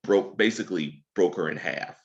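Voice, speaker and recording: A man with a very deep voice explains a film moment step by step in a relaxed, casual way. The sound is a bit dull and lo-fi. He is a co-host on a chat podcast. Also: moderate pace. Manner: laid-back, explaining step by step.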